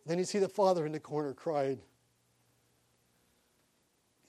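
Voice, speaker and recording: A middle-aged male pastor preaching a sermon and telling stories in an animated way, chuckling along. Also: a little high, a little slow.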